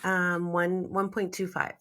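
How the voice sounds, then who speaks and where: A woman's voice: fairly low pitch, completely flat delivery, measured pace, sharp tone. A woman real estate agent chatting on a video call, hesitant and full of fillers. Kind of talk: casual chat.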